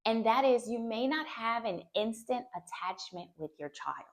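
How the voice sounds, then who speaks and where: A woman's voice: a little high, lively intonation, normal speed. A woman speaking as a therapist and mother, giving earnest, reassuring advice to camera and often checking in with "okay?". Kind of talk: heartfelt talk to camera.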